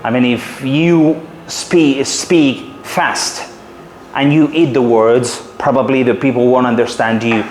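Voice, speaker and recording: A Spanish-accented man in his forties gives a workshop talk, confident and explanatory, pausing on small fillers now and then. His voice sits at an ordinary middle pitch. The room is roomy and echoing, with a faint hum of noise behind him. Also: steady tone. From Spain. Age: 40s. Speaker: city guide trainer.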